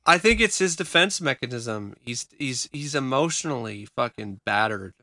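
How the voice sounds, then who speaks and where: A man's voice: mid-range voice, lively intonation, normal speed, pushed and bright, no echo, studio quality. A man co-hosting a casual podcast, candid and profane, with frequent restarts. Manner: candid, swearing, many restarts. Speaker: podcast co-host.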